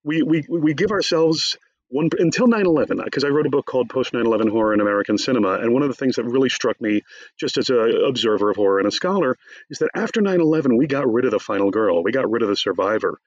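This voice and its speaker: A man who is a theater professor and author, talking in a wry, chatty interview and telling animated stories. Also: mid-range voice, fast, no echo, highs cut off. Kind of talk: conversational interview.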